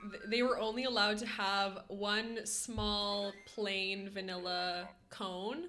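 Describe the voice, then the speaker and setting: A woman's voice: medium pitch, level tone, takes it slowly, sharp tone, soft background music. A Canadian woman streaming a game, chatting casually with her chat, giggly and full of "like" fillers. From western Canada. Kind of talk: casual live-stream chat while gaming.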